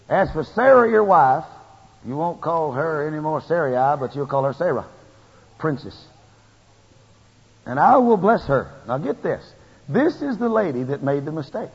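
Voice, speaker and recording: A husky-voiced man preaches in a folksy, animated style, pushing his emphasis up and up as he drives each point home. His voice sits a little high for a man. The recording is a dull, lo-fi tape that rings with long church-hall reverb. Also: unhurried, long pauses. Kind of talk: sermon.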